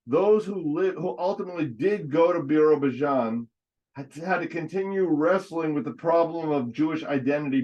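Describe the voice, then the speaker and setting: Halting man lecturing, dull lo-fi sound. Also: fairly high pitch, a little mellow. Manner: halting, frequent false starts and self-corrections. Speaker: lecturer on history. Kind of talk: adult education lecture. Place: congregation classroom. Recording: dull lo-fi recording.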